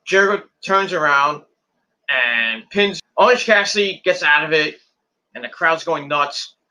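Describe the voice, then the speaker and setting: A man's voice: a little high, lively intonation, unhurried, sharp tone, a little hiss or hum. A man casually recapping a wrestling match move by move, rambling and repeating words as he goes. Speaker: wrestling show reviewer.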